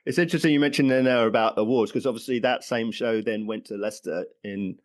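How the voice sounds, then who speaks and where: A man hosting a casual podcast interview, asking relaxed questions and listening attentively. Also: mid-range voice, fast talker, dry recording, studio quality. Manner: attentive, brief backchannels and laughs. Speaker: podcast host.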